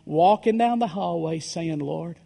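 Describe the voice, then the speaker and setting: A man preaching a story-driven sermon, dropping to a hush and then rising to loud, dramatic swells. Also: a little high, measured pace, creaky. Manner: dramatic, swings from hushed to shouting.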